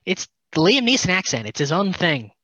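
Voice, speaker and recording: A man co-hosting a casual movie review podcast, animated and acting out reactions. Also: high voice, a little fast, dry recording. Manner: animated, acts out reactions with rising voice. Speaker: podcast co-host. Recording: dull, dry podcast mic.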